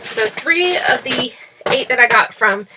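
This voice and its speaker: A woman's voice: sits high, expressive, unhurried, noisy background. A woman vlogging about a toy haul in casual chat at home, rambling with many fillers and restarts, recorded on a laptop microphone. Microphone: laptop built-in mic.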